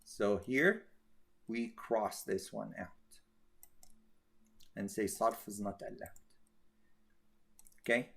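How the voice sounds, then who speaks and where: A man teaching a grammar class, speaking slowly and repeating himself, often checking with "okay?". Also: fairly low pitch, fairly even intonation, creaky, a bit bright. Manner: slow, repetitive, checks with "okay?".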